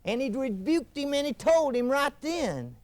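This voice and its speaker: An actor playing a fiery male TV preacher, delivering a folksy fire-and-brimstone sermon with wild swings in pitch. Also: big pitch swings, measured pace, exaggerated voice. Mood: preaching. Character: fiery male TV preacher thundering about damnation. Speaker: televangelist. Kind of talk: scripted mock TV sermon.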